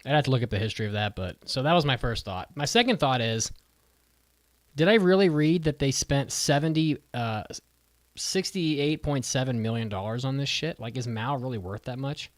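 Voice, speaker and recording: Male podcast co-host, mid-pitched, brash and profane, dry close mic. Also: normal speed, no room sound. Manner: brash, swears freely, jokey tangents. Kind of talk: casual chat.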